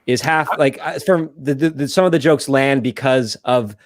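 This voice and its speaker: A young man in a relaxed podcast conversation, often hesitating and tripping over his words. His voice sits at a middle pitch, and the recording is dry and close. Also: normal speed, dry recording. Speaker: podcast guest. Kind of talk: casual podcast chat.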